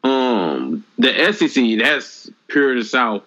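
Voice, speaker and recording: A man chatting casually about college football on a podcast, measured and hedging. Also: mid-range voice, sing-song, pushed and bright. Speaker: podcast co-host. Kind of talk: casual sports chat. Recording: dull lo-fi audio.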